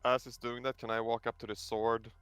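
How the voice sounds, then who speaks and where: A man's voice: medium pitch, flat delivery, brisk, a bit bright, clean tone, no echo, soft background music. A man playing a tabletop game, bantering and joking. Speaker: player. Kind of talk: casual tabletop play.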